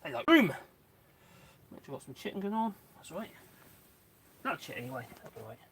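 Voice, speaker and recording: A man's voice: fairly high pitch, sing-song, a little fast, gravelly, a bit bright, husky. A man, live-streaming casual chat from his garden, rambling with asides to his dogs and viewers, recorded outdoors on a phone on a tripod. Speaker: channel host. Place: outdoor garden, kneeling in mud.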